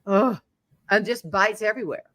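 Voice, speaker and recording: A middle-aged woman from the American South with a Southern accent. Her voice is bright and ringing, sitting at a medium pitch. She tells a funny story in lively fashion and acts out the voices of the people in it. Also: moderate pace. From Southern United States. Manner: animated, acts out quoted voices. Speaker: humorist guest. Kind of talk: storytelling in casual chat.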